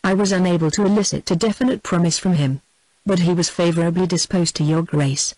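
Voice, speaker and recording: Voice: mid-range voice, fairly quick, darkish tone, no echo, natural voice, poor audio. Reader doing an uneasy hesitant lawyer man, guarded, audiobook, dry close sound. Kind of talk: audiobook character reading.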